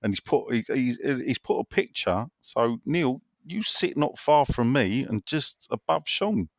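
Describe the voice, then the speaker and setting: A man co-hosting a casual football podcast, opinionated and animated as he reads listener messages. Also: medium pitch, unhurried, no room sound, clean studio sound. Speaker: podcast co-host.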